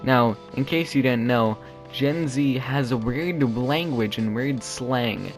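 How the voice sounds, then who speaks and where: A man's voice: mid-range voice, takes it slowly. Young male commentator, sarcastic rambler, mid-range voice, faint music underneath. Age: teens or young adult. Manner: rambling, sarcastic, with frequent fillers and restarts. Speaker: YouTube commentator. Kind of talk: casual comedic commentary.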